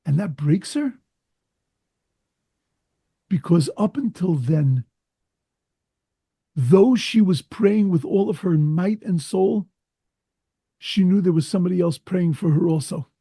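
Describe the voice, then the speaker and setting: A man, a rabbi, preaching a sermon and telling a story in an earnest, emphatic way, with a husky voice. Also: sits high, lively intonation, slow pace, pauses often, dark tone, no echo.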